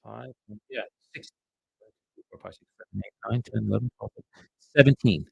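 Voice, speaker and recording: This man is a real estate agent cold calling on a live stream, tossing offhand asides to his viewers. His mid-range voice is husky with vocal fry and moves at normal speed. The audio is dry and somewhat dull.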